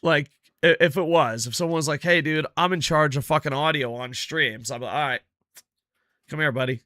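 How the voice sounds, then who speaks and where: Bright, profane streamer man. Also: a little high, brisk, no room sound, clean studio sound. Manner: profane, excitable, grumbles at his stream tech. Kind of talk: casual gameplay chat.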